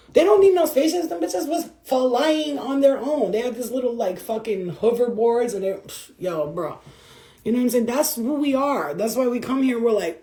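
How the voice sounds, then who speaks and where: Woman spiritual reader, casual and profane, given to laughter. Mellow voice, echoey room. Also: a little high. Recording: roomy echo.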